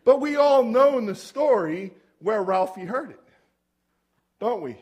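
High-voiced man preaching a chatty sermon. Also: animated, measured pace, a little mellow, husky. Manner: storytelling, asks the audience rhetorical questions. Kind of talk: conversational sermon.

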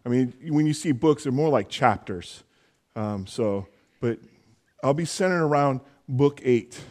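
A male pastor preaching a sermon in a conversational, earnest way, with frequent fillers, dropping to a hushed voice when praying. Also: medium pitch, lively intonation, measured pace. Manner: soft hushed prayer voice.

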